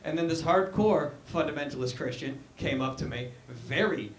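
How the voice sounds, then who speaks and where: A man in his thirties doing a halting, deadpan, self-deprecating stand-up set on a handheld mic in a small club. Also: fairly high pitch, slight background noise. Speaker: stand-up comedian. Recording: roomy live venue sound.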